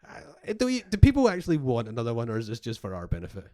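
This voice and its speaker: A man's voice: mid-range voice, wildly swooping pitch, fast talker, a little mellow. A man co-hosting a casual podcast chat, rambling and breaking off mid-sentence, laughing often. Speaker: podcast co-host. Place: garage.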